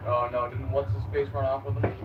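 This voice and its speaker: A man's voice: mid-range voice, flat delivery, brisk. A man playing a tabletop game, talking in a casual, offhand way. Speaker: player. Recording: far from mic, phone-like, noisy.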